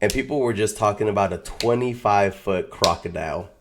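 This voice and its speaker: Easygoing low-voiced man, podcast chat. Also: a little fast, noisy background. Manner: easygoing, slangy, swears, laughs often. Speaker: podcast co-host. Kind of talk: casual chat.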